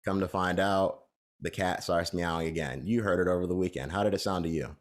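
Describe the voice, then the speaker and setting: A man's voice: sits low, fairly quick. A man co-hosting a podcast, telling a long story in a casual, rambling way with lots of fillers. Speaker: podcast co-host.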